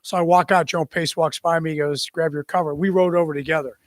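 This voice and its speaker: Brief: older ex-officer in his sixties, fairly high voice, lively anecdotal delivery, dry close sound. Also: quick pace, dry recording. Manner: animated storyteller who acts out the people in his story. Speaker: retired military officer. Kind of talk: anecdotal storytelling.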